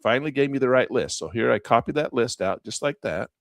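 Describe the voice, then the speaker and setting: A man's voice: mid-range voice, lively intonation, fairly quick, vocal fry, no room sound, studio quality. A man teaching a screen-share trading lesson in a folksy, chatty way, often repeating himself. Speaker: trading instructor.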